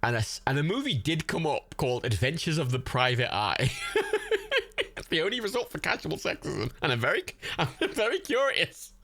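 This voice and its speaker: Swearing, lively man from Ireland. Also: a little high, moderate pace, no room sound. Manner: rambling, swears a lot, laughs often. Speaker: livestream host. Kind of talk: casual chat during a movie watch party.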